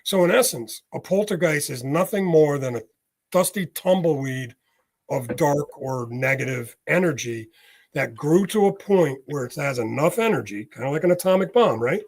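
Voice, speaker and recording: A man's voice: a little high, animated, moderate pace. A man, a medium, talking casually in an interview, explaining ideas with homely examples and often checking in with "right?". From United States. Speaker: guest, medium.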